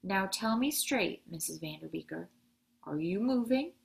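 A woman's voice: mid-range voice, lively intonation, measured pace, gravelly. A woman voicing a kindly, courteous older male postman in a read-aloud storybook. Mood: shaken. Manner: folksy, courteous.

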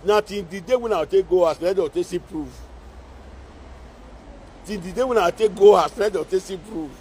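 A man with a high-pitched, darkish voice scolds and mocks at normal speed in Nigerian Pidgin English. It's a repetitive live-video rant on social media, with slight background noise.

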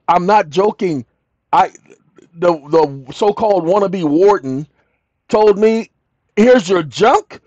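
An older man hosting a channel tells a story in a high, dark voice with no echo, speaking emphatically and repeating his key lines. The monologue is captured in dull, lo-fi audio.

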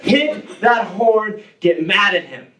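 A young man puts on a pleading, childish tempter who coaxes and begs. His voice sits high and carries in a roomy hall, heard from a distance. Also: expressive, slow, fairly bright tone, exaggerated voice. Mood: coaxing. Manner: coaxing, pleading.

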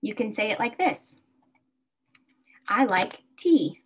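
A woman teaching a beginner English class, speaking slowly and carefully and repeating words for her learners. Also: medium pitch, animated, slight background noise. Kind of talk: slow beginner English lesson.

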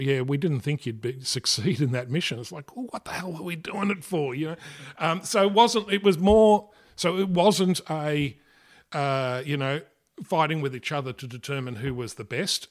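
Speaking in a medium pitch with an Australian accent, an older retired air force fighter pilot appears as an interview guest, telling stories casually. His speech rambles and halts, full of fillers, restarts and self-corrections. He laughs easily and frequently.

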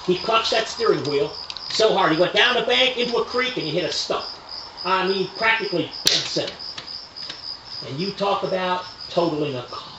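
Male evangelist, revival sermon, hushed then shouting, high lively voice, distant roomy lo-fi recording, crickets behind. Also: moderate pace, noisy background. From Kentucky. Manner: storytelling, swinging between hushed and shouted emphasis. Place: tent meeting at rodeo grounds.

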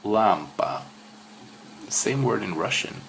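Slow, low-voiced man. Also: animated, creaky, fairly bright tone, a little hiss or hum. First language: Swedish. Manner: hesitant, repeats words aloud slowly. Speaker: language learner. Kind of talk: casual self-study walkthrough.

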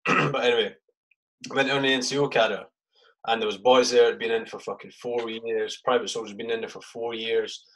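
A man's voice: medium pitch, steady tone, normal speed, fairly bright tone, low-quality recording. A man hosting a podcast, asking questions and sharing his own army experiences in a laid-back, casually swearing way. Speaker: podcast host. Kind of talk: casual interview chat.

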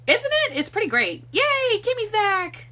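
A woman's voice: very high-pitched, sing-song, unhurried, bright, forceful tone. A woman hosting a casual live stream from home on a phone, chatting and greeting viewers by name one after another. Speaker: livestream host.

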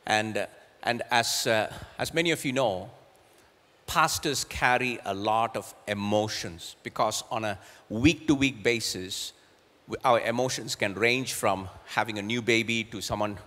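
Pastor preaching in a reverberant hall. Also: male voice, lowish voice, measured pace, sharp tone. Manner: earnest, repeats words when searching for a phrase. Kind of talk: sermon.

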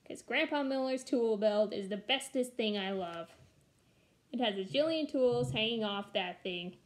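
A woman reading a children's chapter book aloud, lively and expressive. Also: fairly high pitch. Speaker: reader.

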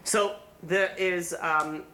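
A rabbi giving a holiday sermon in an animated storytelling way, with frequent restarts. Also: male voice, high-pitched, extremely slow, a little hiss or hum.

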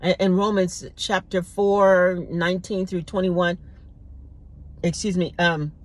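A woman's voice: fairly low pitch, level tone, slow. Woman preaching in a chatty, repetitive way. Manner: conversational, repeats words for emphasis. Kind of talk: informal devotional sermon.

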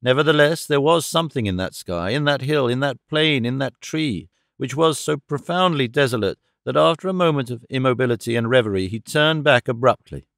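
A man reading a classic novel aloud as an audiobook narrator, in a measured, formal storytelling manner. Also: mid-range voice, expressive, vocal fry, fairly bright tone, no echo, clean studio sound. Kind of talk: scripted narration.

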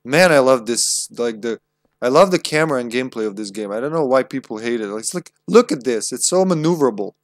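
A man's voice: medium pitch, animated, fast talker, no echo, studio quality. A young man streaming himself playing a video game, chatting casually, swearing freely and laughing often. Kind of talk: casual live-stream gameplay commentary.

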